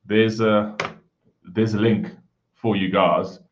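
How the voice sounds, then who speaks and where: A man's voice: lowish voice, fairly even intonation, slow, highs cut off, a little hiss or hum. A man from Africa, hosting a casual live stream from home, greeting viewers by name and keeping his voice down. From South Africa. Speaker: livestream host. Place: home room.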